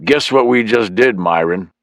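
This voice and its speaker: A man narrating an audiobook, playing a gruff, unhappy male federal agent who talks bluntly. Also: lowish voice, lively intonation, a little slow, no room sound. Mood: pressing.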